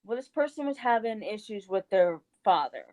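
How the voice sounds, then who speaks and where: A woman's voice: medium pitch, very animated, normal speed, a little mellow, poor audio. A woman co-hosting a casual chat show, telling a long personal story with many fillers. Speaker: co-host.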